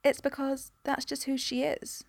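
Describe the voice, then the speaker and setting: Sweet gentle young woman, woman doing her, soft and high. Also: monotone, measured pace, creaky.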